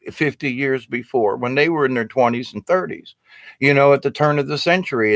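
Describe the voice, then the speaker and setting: An older man with a Southern US accent tells stories in a rambling, folksy way and keeps dropping in "you know". His voice sits at an ordinary middle pitch, and the recording is dry and close. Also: fairly bright tone, no echo. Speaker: storyteller and puppeteer. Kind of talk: rambling humorous storytelling monologue.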